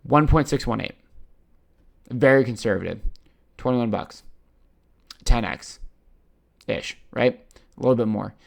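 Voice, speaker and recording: A man's voice: medium pitch, a little slow, long pauses. A man with a Canadian accent hosting a crypto channel, talking casually over his screen and tagging "right?" onto nearly every point. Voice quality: gravelly. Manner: chatty, says "right?" constantly, swears casually. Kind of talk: casual screen-share commentary.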